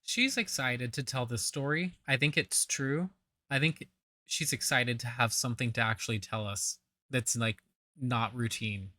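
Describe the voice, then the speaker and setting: A bright, forceful voice delivers sarcastic reaction commentary, blunt and mocking with casual swearing. The sound is close and dry, with no room around it. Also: mid-range voice, measured pace, no echo.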